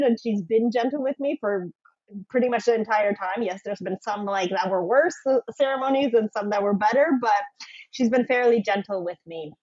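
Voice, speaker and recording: A woman telling a personal story as a podcast guest, earnest and emotional, sometimes dropping to a soft whisper. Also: on the high side. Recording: dull, lo-fi sound.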